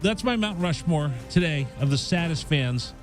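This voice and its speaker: A young man hosting a sports talk radio show, quick and joking, with music behind. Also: fairly high pitch, expressive. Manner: quick, joking, jumps into bits. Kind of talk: casual sports chat.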